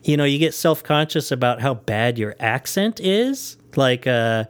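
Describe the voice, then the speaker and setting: A man's voice: mid-range voice, lively intonation, a little slow, smooth. A man co-hosting a podcast in loose, rambling casual chat, full of fillers and frequent laughter. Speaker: podcast co-host.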